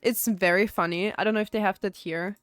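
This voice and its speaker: A woman's voice: medium pitch, fairly even intonation, fairly quick, smooth, no room sound. A young woman with an Austrian German accent, chatting casually on a live stream, rambling with restarts and frequent giggles.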